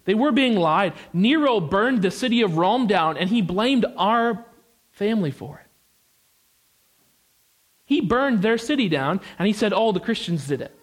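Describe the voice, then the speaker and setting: A young man from the United States preaching a sermon, animated and emphatic, with casual asides and repeated phrases. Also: high voice, a little slow, pauses often.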